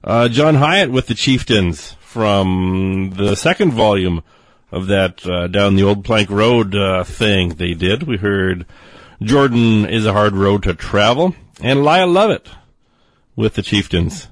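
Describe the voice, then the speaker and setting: A man's voice: lowish voice, lively intonation, slow, no echo. Laid-back radio DJ, man. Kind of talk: casual radio hosting. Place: radio studio.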